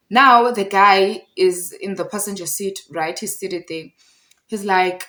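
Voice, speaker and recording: A woman's voice: mid-range voice, a little slow, bright, forceful tone, low-quality recording. Young woman, South African accent, heated storytime vlog, emphatic, repeats herself. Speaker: storyteller vlogger. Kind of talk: casual storytime retelling.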